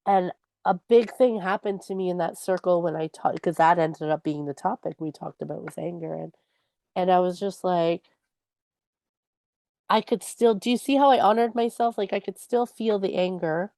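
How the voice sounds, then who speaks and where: A woman with a lowish, gravelly, darkish voice speaks at a moderate pace on a dry recording. As a podcast co-host in casual chat, she earnestly tells a personal parenting story and acts out her own quoted words.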